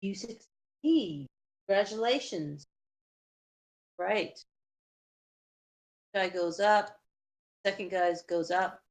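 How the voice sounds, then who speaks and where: A woman running a tabletop game as game master, calling out rolls and rules in a brisk, instructive way. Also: mid-range voice.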